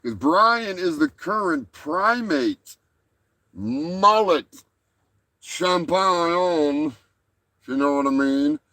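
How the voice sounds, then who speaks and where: A man's voice: a little high, lively intonation, slow, bright, forceful tone, dry recording. A man hosting a comedy livestream, talking in a rambling, crude and profane way. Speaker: show host. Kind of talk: casual comedic livestream talk.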